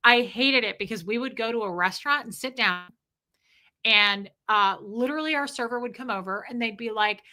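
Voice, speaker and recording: A woman, ranting casually to her live stream chat and acting out the people she talks about. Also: fairly high pitch. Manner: animated, acts out people in quick quoted voices.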